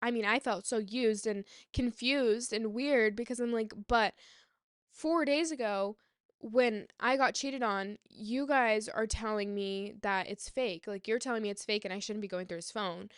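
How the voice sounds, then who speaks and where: A woman's voice: a little high, measured pace, clear, resonant tone, no echo, clean studio sound. A young woman telling a personal story in a casual, chatty way, full of "like" and "um" and often exasperated. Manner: chatty, frequent "like" and "um" fillers; exasperated, emphatic. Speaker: vlogger.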